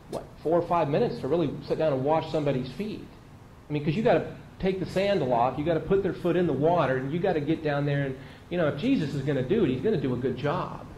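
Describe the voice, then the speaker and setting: Male pastor, conversational sermon delivery, a touch high-pitched, roomy echo. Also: mellow. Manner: conversational, vivid storytelling with emphatic repeats. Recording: echoey room with faint noise.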